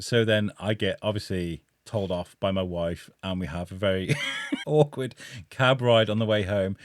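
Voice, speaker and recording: A man's voice: medium pitch, dry recording, studio quality. A man, a podcast guest, tells a funny personal story with bursts of laughter. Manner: animated, laughing while telling a story.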